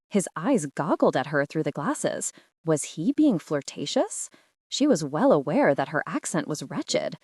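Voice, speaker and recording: Expressive woman narrating a literary audiobook. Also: sits low, normal speed, dry recording, clean studio sound.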